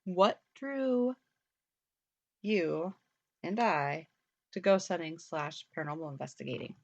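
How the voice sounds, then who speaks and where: A young woman with a lowish voice chats loosely as a co-host, stringing thoughts together with lots of "like" and the odd curse. The recording is dull and lo-fi. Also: takes it slowly. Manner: rambling, chatty, peppered with "like" and mild swearing. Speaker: podcast co-host. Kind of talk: casual chat.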